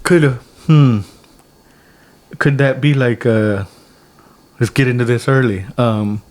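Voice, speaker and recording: A man's voice: mid-range voice, slow pace. Brief: young male podcast co-host, casual rambly chat, lots of restarts, acts out quotes. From United States. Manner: rambling storyteller, many restarts, animated quotes. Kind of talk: casual chat over drinks.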